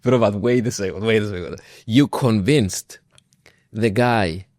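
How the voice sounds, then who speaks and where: Slow-talking host with brief reactions. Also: male voice, on the low side, darkish tone, no room sound, studio quality. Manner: short reactions, slang like "bro", laughs along. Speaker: podcast host. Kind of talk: casual interview chat.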